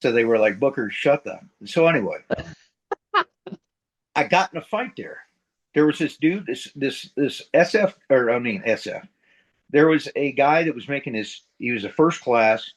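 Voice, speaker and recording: War stories pour out of this middle-aged retired Marine sergeant major from the central United States in a casual interview. He's rambling, profane and blunt, and voices sound effects. His pitch is medium with lively intonation and a measured pace, on a low-quality recording.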